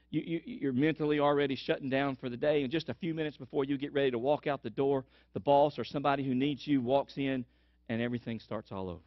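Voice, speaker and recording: A male pastor preaches in an animated storytelling way, repeating phrases for emphasis. The recording is dry and dull, with a lo-fi sound. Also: medium pitch, dry recording. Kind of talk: sermon.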